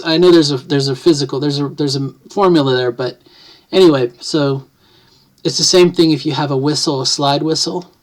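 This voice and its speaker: Middle-aged woman rambling through an explanation. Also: deep voice. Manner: rambling, self-correcting, thinks aloud. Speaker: vlogger. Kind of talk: casual explanatory talk to camera. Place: home, near the kitchen.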